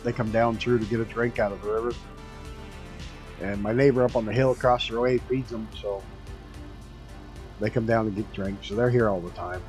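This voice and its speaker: A man's voice: on the low side, fairly even intonation, moderate pace, pauses often, darkish tone, faint music behind, rough recording. A man streaming a flight game, chatting casually and rambling through stories with the odd swear word. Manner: laid-back rambling storyteller, swears casually.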